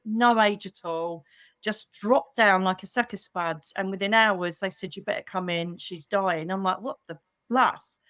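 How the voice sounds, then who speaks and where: A middle-aged woman, a psychic medium, hosting a livestream and telling a story in a lively, chatty way, acting out the voices she quotes and calling people darling. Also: medium pitch, no echo, studio quality.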